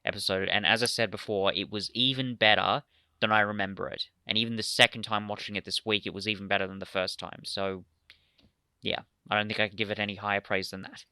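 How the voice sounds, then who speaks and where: A man's voice: on the low side, level tone, fast talker, bright, forceful tone, smooth, no echo. A man co-hosting a casual review podcast, praising effusively with hesitant fillers. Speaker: podcast co-host. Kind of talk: casual chat reviewing episodes.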